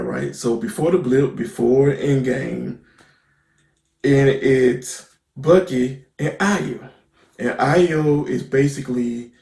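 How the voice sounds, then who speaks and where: A man's voice: medium pitch, gravelly, darkish tone, echoey room. A man giving a casual, slangy recap of a TV episode as a reviewer, full of "basically" and "right?". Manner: slangy, conversational, with many fillers like "basically" and "right?".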